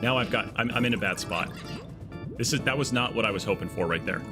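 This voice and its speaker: A man live-streaming a game, talking to his chat in an excitable, jokey way. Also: on the low side, fast, music in the background. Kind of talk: casual live-stream commentary.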